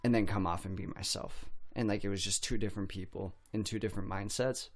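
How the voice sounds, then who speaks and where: A man's voice: on the low side, fairly even intonation, fast. A man guesting on a podcast, chatting casually with a lot of swearing, crude jokes and frequent laughs. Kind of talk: casual profane chat.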